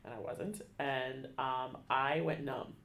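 A man telling a personal story in an interview, halting, with many restarts and fillers, becoming emotional. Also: medium pitch, a bit bright, reverberant, a little hiss or hum. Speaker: guest, theater education staff. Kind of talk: conversational storytelling.

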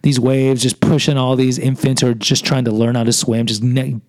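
A man's voice: medium pitch, flat delivery, moderate pace, darkish tone, no echo, rough recording. Self-deprecating man telling a story. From Houston, Texas. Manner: self-deprecating, acts out quoted voices. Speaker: podcast host. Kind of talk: personal storytelling monologue.

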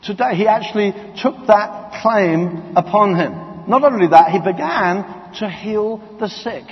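Preacher in a reverberant hall. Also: male voice, high voice, a little slow. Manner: animated storytelling, acting out voices and quotes. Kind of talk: sermon. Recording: dull sound, long hall reverb.

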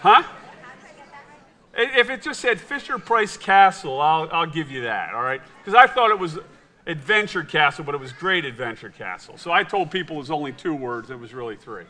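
A middle-aged man, a pastor, running a quiz with his congregation and telling an animated, self-mocking story. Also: fairly high pitch, normal speed.

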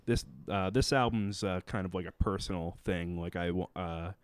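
Low smooth-voiced man, halting. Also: dry recording. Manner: halting, many fillers and restarts. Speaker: podcast guest musician. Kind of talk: casual chat.

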